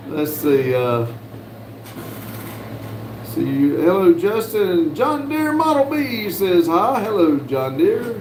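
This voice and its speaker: A man from the United States hosting a casual livestream, reading viewers' messages aloud in a folksy, unhurried way with lots of "uh"s. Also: sits high, sing-song, a little mellow, a little hiss or hum. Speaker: livestream host reading chat. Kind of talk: casual live chat. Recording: roomy with faint background ambience.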